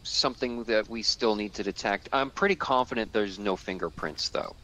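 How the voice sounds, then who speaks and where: A man's voice: fairly low pitch, moderate pace, bright, forceful tone, a little hiss or hum. A man playing a ghost-hunting game with friends, focused and methodical in casual chat. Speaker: fellow player.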